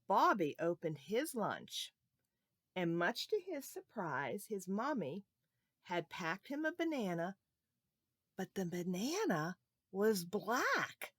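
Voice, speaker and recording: A woman reading a story aloud to young children, her pitch swooping up and down with lots of expression. She keeps pausing to ask the kids questions, and the recording is dry and close. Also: breathy edge, no room sound. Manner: animated, asks the children questions.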